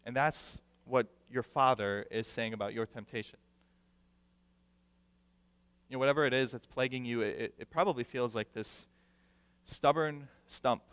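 A male pastor preaching a sermon with animated delivery, acting out the people he quotes and repeating words for emphasis. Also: medium pitch, normal speed, clean tone. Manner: animated, acts out quoted voices; repeats words when stressing a point. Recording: long reverb of a large hall.

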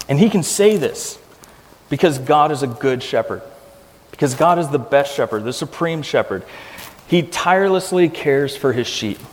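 A man preaching a sermon as pastor, earnest and emphatic, often repeating key phrases for weight. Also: medium pitch. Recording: long hall reverb.

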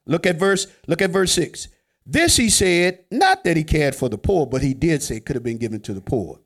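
A man delivers a sermon in a relaxed, joking tone, as if chatting with his congregation. His voice sits high for a man and leaps up and down the scale. He jumps from loud, drawn-out emphasis to quiet asides. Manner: conversational, joking preaching with sudden swings from loud to hushed. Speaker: preacher.

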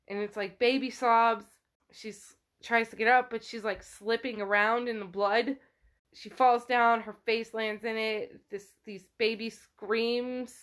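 A woman's voice: on the high side, fairly bright tone. A woman podcast host casually retelling a book chapter, with lots of "like" fillers.

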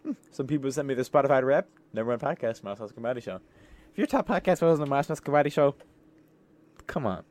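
A young man co-hosting a podcast in casual chat, joking around with quick asides. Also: mid-range voice, lively intonation, a little mellow. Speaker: podcast co-host.

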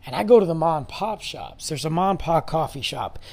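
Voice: medium pitch, lively intonation, a little fast, darkish tone. A middle-aged podcast host ranting in a solo episode, exasperated and firing off mocking rhetorical questions. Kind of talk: solo opinion rant.

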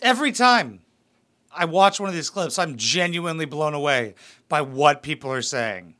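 A man's voice: on the high side, moderate pace. A young man giving crude, mocking comedic commentary on reality TV clips. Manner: mocking, profane, animated. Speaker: reaction commentator.

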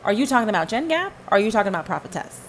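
Woman, podcast host, fervent testimony, emphatic repeats, mid-pitched voice. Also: sing-song, racing, a little hiss or hum, low-quality recording. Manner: talks to listeners and to God in turn. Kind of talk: casual spoken testimony.

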